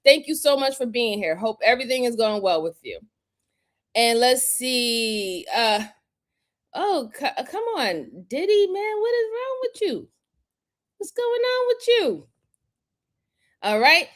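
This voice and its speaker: A woman's voice: fairly high pitch, fairly bright tone. A woman hosting a casual livestream, greeting viewers one by one, repeating her thanks and laughing often. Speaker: livestream host.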